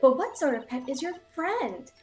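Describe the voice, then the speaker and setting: A woman's voice: high-pitched, very animated, moderate pace, faint music behind, voice pushed up. A woman voicing a polite, earnest young woman assistant while playing a video game.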